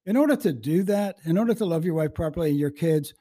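Folksy storyteller in his seventies, mellow. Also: fairly high pitch, animated, quick pace. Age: 70s. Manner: folksy, rambling storyteller with restarts and chuckles. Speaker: guest. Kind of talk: casual interview with storytelling.

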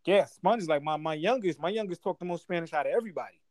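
A man in his forties from Guyana, talking in a slightly high voice. He tells stories in a loose, slangy, animated way and laughs as he goes. The sound is dry and close. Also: fast talker, dry recording. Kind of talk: casual storytelling chat.

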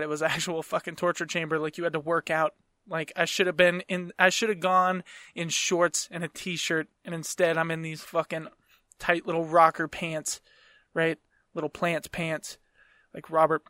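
His voice is on the high side with a sharp tone, and the studio-quality audio has no room sound. As host of a casual podcast, he rambles through stories, cursing freely and breaking into laughter mid-sentence.

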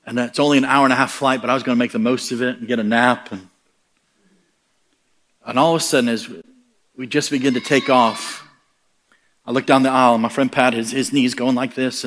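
An American man preaching in a storytelling style. His voice is bright and forceful, and he slips into animated comic voices for the people in his story. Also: mid-range voice, fast. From United States. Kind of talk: storytelling sermon.

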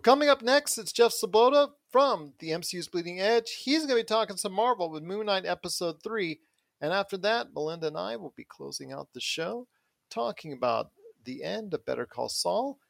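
A man hosting a pop culture radio show and podcast, with an energetic, promo-style delivery. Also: sits high, moderate pace, creaky, dry recording. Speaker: podcast host.

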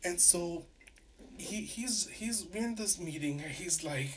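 A man's voice: fairly high pitch, normal speed, far from the mic. A young man from New York City, hosting a podcast and animatedly retelling a story, acting out both sides of the conversation. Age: young adult. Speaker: podcast host. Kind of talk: casual storytelling.

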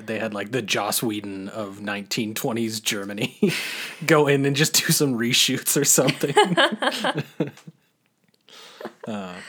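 A man's voice: mid-range voice, fairly bright tone. A man co-hosting a podcast in casual chat, rambling and self-deprecating, laughing often. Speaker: podcast co-host.

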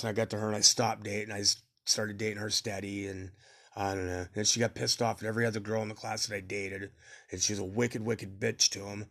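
A man's voice: lowish voice, gravelly. A man telling rambling stories about his youth in a casual podcast memoir, swearing freely and laughing at his own tales. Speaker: podcast storyteller.

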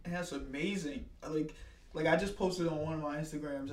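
Philly host, high voice, animated storyteller, echoey room. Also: male voice, a little fast. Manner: animated storyteller, acts out quotes. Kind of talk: casual conversation. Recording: roomy echo.

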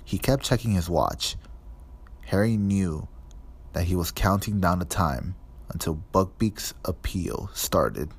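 A man reading a storybook aloud in steady, measured scripted narration. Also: deep voice, slightly rough. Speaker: audiobook narrator.

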